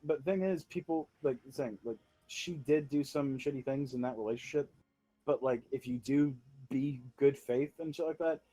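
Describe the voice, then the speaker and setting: A man's voice: medium pitch, normal speed, mellow. Laid-back podcast guy, lots of likes. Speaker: podcast co-host. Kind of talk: casual chat.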